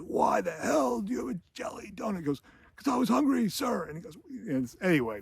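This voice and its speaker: A man's voice: a little high, darkish tone, no echo. A man hosting film commentary, retelling scenes casually, rambling with chuckles and fillers.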